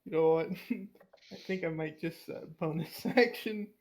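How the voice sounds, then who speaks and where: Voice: mid-range voice, measured pace. A player in a tabletop game online, giggling often and hesitant.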